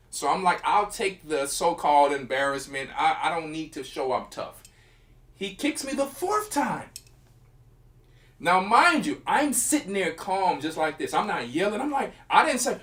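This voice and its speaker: Middle-aged man, storytelling, acts out punches with sounds, fairly high voice. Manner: animated, acts out quotes and punches with sound effects. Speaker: church elder. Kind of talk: storytelling in casual talk.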